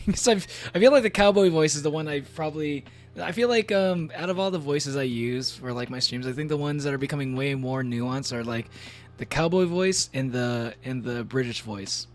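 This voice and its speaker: A man's voice: a little high, moderate pace. A man chatting casually on a game stream, rambling with many fillers and frequent laughs. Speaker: VTuber streamer.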